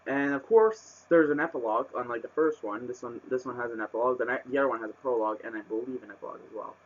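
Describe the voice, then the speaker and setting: In rapid-fire speech with fairly even intonation, a man with a mid-range voice reviews a book in a casual vlog. Fillers, restarts and exasperated rants fill his rambling, and the webcam mic yields muffled audio.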